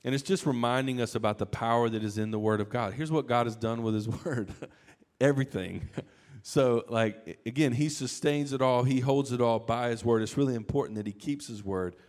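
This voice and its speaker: A man preaching a sermon in a conversational, animated way, acting out quoted lines. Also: medium pitch, brisk. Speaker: pastor.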